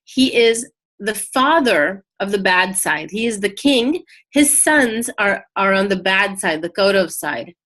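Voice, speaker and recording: A woman's voice: medium pitch, animated, measured pace, fairly bright tone. A woman teaching a casual spiritual lesson, talking conversationally with many fillers and restarts as she retells a story.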